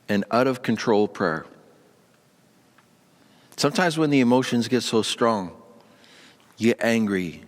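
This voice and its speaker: A man speaking as a pastor, earnest and conversational, in a mid-range voice. His words hang in a long, lingering reverb, as if spoken in a large hall. He lifts his voice as he presses a point home. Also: medium pitch. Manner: earnest, conversational, rising with emphasis on feelings. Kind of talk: short devotional talk to camera.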